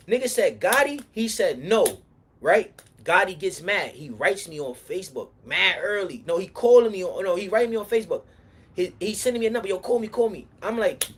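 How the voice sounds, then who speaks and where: A young man from Harlem, telling a long street story on a livestream in a rambling, slang-heavy way that swings from low muttering to loud heated bursts. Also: breathy edge. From Harlem, New York.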